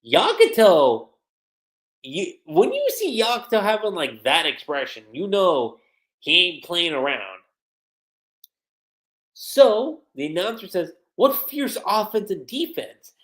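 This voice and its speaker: A man casually reviewing a manga chapter on a livestream, retelling the scenes with slangy, animated commentary and quoted lines. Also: high voice, slow pace, long pauses. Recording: roomy echo.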